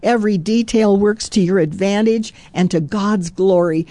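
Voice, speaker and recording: A woman's voice: medium pitch, moderate pace, hardly any pauses, warm tone, no echo. A woman giving a Christian devotional, reading a story aloud and breaking in with chuckles, repeated phrases and "praise God" asides. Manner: emphatic, repeats phrases for stress.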